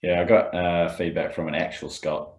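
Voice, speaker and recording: A man co-hosting a podcast, calmly explaining rules step by step. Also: low-pitched, normal speed. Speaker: podcast co-host and rules expert. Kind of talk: casual podcast chat, explaining. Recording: roomy echo.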